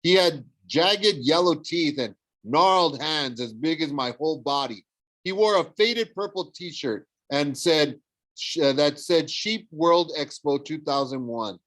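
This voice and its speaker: Animated male storybook reader. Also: fairly high pitch, measured pace, no room sound. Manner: animated, with frequent slips and self-corrections. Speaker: audiobook reader. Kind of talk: storybook read-aloud narration.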